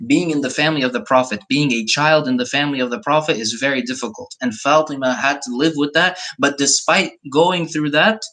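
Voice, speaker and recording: A man's voice: medium pitch, fairly quick, few pauses, pushed and bright, low-quality recording. A young man teaching a live-streamed Islamic story lesson, telling it vividly and speaking to online viewers. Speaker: mosque teacher.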